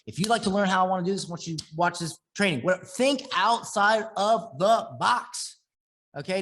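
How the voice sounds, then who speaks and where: Fired-up, profane male marketing coach. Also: on the high side. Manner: restless, with quick bursts and restarts. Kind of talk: motivational training talk.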